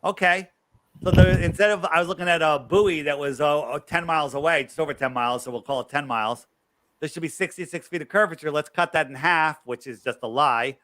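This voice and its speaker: Bright, emphatic man telling a story. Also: a little high. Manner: emphatic, quick asides, acts out quoted people. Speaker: guest researcher. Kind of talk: animated storytelling interview.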